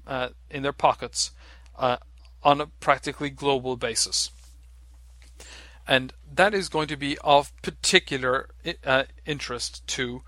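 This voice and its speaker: A man with a bright, forward voice talks through markets off the cuff, stopping often on "uh" and restarting his sentences. The sound is dry and close, with no room around it. His pitch sits in an ordinary middle range. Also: no echo. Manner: halting, many "uh" fillers and restarts. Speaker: market analyst. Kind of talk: unscripted market commentary.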